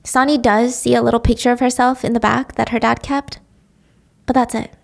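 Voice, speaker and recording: Chatty young woman telling a story, swears a bit, fairly high voice. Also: a little fast, creaky. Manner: chatty, expressive, swears casually. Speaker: podcast host. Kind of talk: casual story recap.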